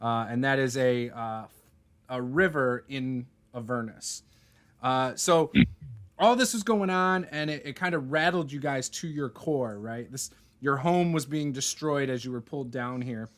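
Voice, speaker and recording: A man's voice: medium pitch, a little slow, a bit bright. A man running a tabletop game over a video call, narrating loosely with many fillers. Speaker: game master.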